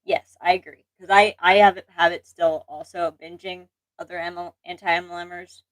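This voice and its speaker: A woman's voice: lowish voice, little pitch movement, normal speed, no room sound, rough recording. A young woman hosting a casual livestream chat, rambling and self-deprecating, with restarts, laughs and an occasional allergy cough. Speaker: channel host.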